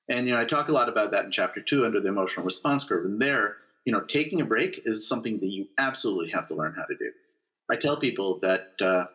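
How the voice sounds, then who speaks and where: A man's voice: on the low side, low-quality recording. A middle-aged man, a negotiation lecturer and author, giving explanatory answers in an interview and acting out bits of dialogue as examples. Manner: animated, acts out dialogue examples.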